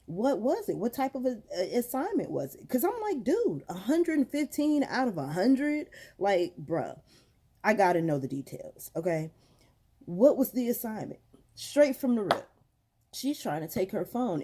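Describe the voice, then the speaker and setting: A woman ranting to her viewers in a casual vlog, telling a story animatedly, acting out what she said and calling the audience girl and y'all. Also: medium pitch. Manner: animated storytelling, acts out quotes. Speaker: mom vlogger.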